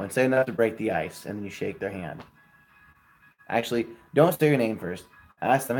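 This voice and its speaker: A man's voice: on the low side, fairly quick, a little mellow, soft background music. A young man in his twenties hosting a casual live stream, chatting with viewers and giving friendly advice.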